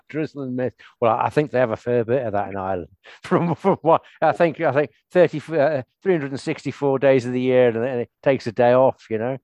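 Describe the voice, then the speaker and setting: A man's voice: mid-range voice, moderate pace, darkish tone, no room sound. An older man hosting a podcast in casual chat, rambling with restarts and laughing often. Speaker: podcast host.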